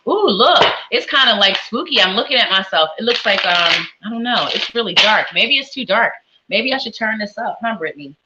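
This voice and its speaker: A woman's voice: mid-range voice, animated, brisk, dull audio, very noisy. A woman hosting a live psychic stream, giving tarot readings and greeting viewers in a sing-song, effusive way. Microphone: webcam with ring light.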